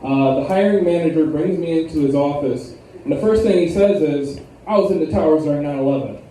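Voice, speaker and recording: A man's voice: a little high, brisk, dark tone, slight background noise. A young man doing a stand-up comedy set in a lounge, with a laid-back, rambling delivery full of fillers. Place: lounge with a live audience. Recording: echoey room, far from the mic.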